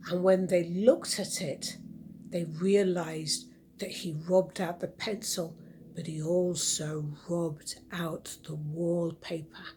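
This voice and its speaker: A woman telling a children's story in a hushed, often whispering voice. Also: lowish voice, flat delivery, slow pace, a little hiss or hum. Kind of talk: reading a story to kids.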